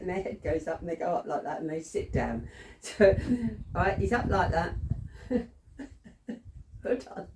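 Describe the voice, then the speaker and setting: A woman's voice: medium pitch, animated, unhurried, warm tone, a little hiss or hum. A woman dog trainer, casually demonstrating training steps, chatty, laughing often and saying "okay" a lot. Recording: roomy sound from a distant camera mic.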